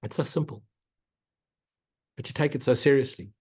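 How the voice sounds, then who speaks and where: Husky blunt spiritual teacher, man. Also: mid-range voice, moderate pace, darkish tone, muffled recording. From Africa. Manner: blunt, swearing, mocking; repetitive, preachy. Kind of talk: non-dual Q&A talk.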